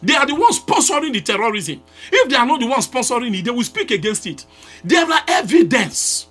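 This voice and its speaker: A Nigerian pastor with a Nigerian English accent delivers a fiery live address, railing at his target as he repeats his demands and bursts into shouts. His high, sharp, husky voice jumps up and down in pitch, with soft music playing beneath.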